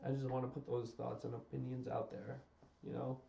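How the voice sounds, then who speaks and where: Here a young adult streamer rants casually, saying things over and over as his frustration spills out with emphasis. His mid-range voice is creaky and mellow, stays fairly flat in pitch, and moves at a normal speed. He's recorded from a distance with slight background noise, in roomy, muffled lo-fi stream audio.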